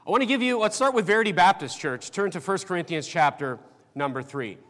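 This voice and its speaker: Middle-aged male preacher, higher voice, loose chatty sermon delivery with plenty of ums, church hall reverb. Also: animated, fairly bright tone. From North Dakota. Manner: conversational, halting with fillers and restarts.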